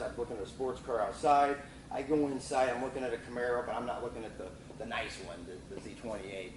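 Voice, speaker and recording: A middle-aged man talks through a sales training lesson in a loose, repetitive way, full of fillers and restarts. He sits some distance from the mic in a reverberant room, with steady background noise. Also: medium pitch. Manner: casual, repeats himself, many fillers and restarts.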